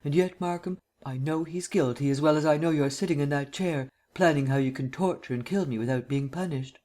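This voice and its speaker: Male narrator plays a languid, witty gentleman sleuth in an audiobook, flat unemotional drawl. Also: a little high, a little fast, close to an everyday voice. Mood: airy.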